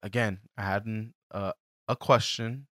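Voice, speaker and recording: A man co-hosting a podcast, recapping a TV episode in an animated, joking, crude way. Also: fairly low pitch, unhurried, dry recording, clean studio sound. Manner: animated, laughing, crude jokes. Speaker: podcast co-host.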